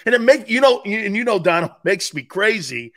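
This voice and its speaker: A man in his fifties, a former player and sports radio host, talking as a guest in a casual podcast interview, emphatic and animated with loud outbursts. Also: high voice, moderate pace. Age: 50s.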